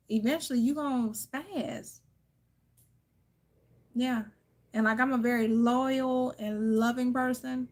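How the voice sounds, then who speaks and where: A woman in her thirties talks straight to her audience in a loose, venting chat. Her voice sits a little high with a gravelly fry running through it. She speaks frankly and with emphasis, calling her listeners "honey" and "y'all.". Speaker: tarot reader reading live chat.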